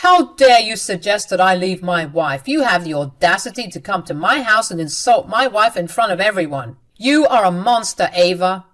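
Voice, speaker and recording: A woman's voice: mid-range voice, lively intonation, normal speed, natural voice. Woman reading as an indignant young husband. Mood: angry. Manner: firm, indignant. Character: angry protective young husband.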